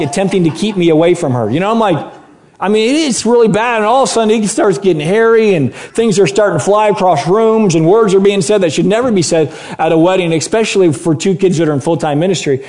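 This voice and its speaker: A man in his late thirties, an animated preacher telling a personal story to a congregation and swinging from loud to hushed. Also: on the high side, brisk.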